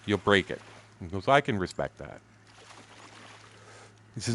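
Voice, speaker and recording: A man's voice: deep voice, big pitch swings, moderate pace, a bit bright. A man in his sixties from Canada, telling a story during a game stream in a blunt, profane, laughing way. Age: 60s. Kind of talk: casual storytelling chat.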